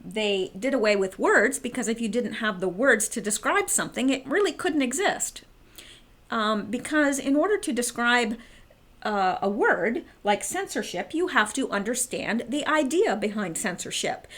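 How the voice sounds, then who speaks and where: Middle-aged female trivia host, chatty and wry, slightly high voice with lively leaps. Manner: chatty, wry, asides to viewers, pitch jumps up for emphasis. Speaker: video host. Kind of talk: casual chat about trivia facts.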